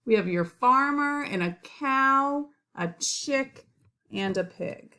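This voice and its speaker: A woman gives a children's lesson at a very unhurried pace. Her voice has a gravelly, creaky edge, and she sounds gentle and encouraging as she names farm animals. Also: high voice, lively intonation. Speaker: teacher. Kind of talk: slow, simple lesson for young children.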